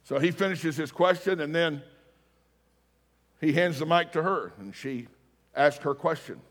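A man's voice: fairly high pitch, measured pace, fairly bright tone. A man preaching a sermon as pastor, telling stories in a casual, self-deprecating way. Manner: conversational, storytelling, self-deprecating. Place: church sanctuary. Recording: long reverb of a hall.

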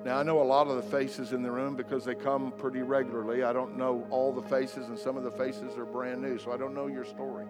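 A man preaching a sermon to a congregation in a church hall, emphatic, swinging between loud declarations and soft asides. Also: medium pitch, level tone, fairly quick, few pauses. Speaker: pastor. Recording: long hall reverb, faint music behind.

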